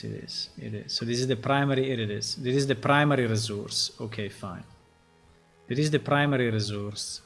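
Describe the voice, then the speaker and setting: A man, a game developer, thinking aloud as he reads through code, halting and muttering puzzled asides to himself. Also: mid-range voice, a bit bright.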